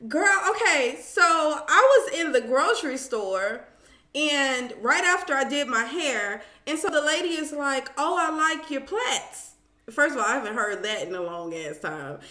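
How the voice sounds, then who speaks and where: A woman talks casually to her live stream viewers from home, greeting them and calling them child and boo. Her voice is bright and fairly high. The room around her rings with echo. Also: very animated, normal speed.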